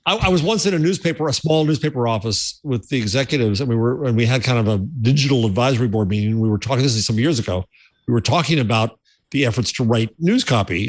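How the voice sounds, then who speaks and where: A man's voice: mid-range voice, no echo. A man co-hosting a tech podcast, chatting casually and telling stories with lots of restarts. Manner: animated storyteller, restarts phrases. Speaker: podcast co-host.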